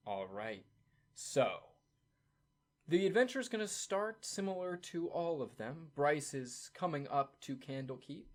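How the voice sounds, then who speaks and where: A man's voice: on the high side, lively intonation, a little slow. Upbeat, chatty male game master. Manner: upbeat, chatty, many fillers. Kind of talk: narrating a tabletop game.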